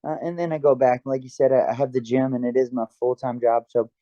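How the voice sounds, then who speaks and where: A man speaks earnestly and reflectively as an interview guest. His voice is very dark and mellow. The sound is dull and lo-fi, with a dry, close feel. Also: mid-range voice, fairly even intonation, fast talker, no echo. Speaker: guest, karate fighter and dojo owner. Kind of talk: casual interview chat.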